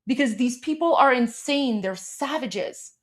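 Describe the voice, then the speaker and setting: Iran-born woman host, high voice, fired up and repeating herself. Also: expressive, unhurried. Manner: impassioned, repetitive, insulting. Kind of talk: live-stream political rant.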